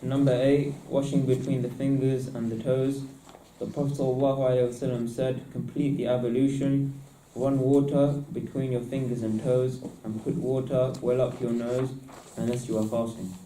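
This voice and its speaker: A man reading numbered points aloud from a textbook, steady and unhurried. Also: mid-range voice, echoey room, distant mic, slight background noise, low-quality recording.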